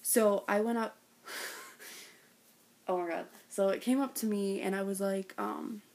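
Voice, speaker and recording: A woman's voice: mid-range voice, slow, a little mellow. A young woman telling a fan meet-and-greet story in a vlog, gushing and breathless, full of "like" and "oh my God". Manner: bursts into giggles when retelling. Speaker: vlogger.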